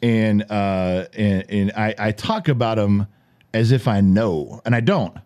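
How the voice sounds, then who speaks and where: A man's voice: fairly low pitch, measured pace, a little mellow. A man in his fifties hosting a podcast, telling stories in casual chat, swearing and laughing often. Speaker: podcast host.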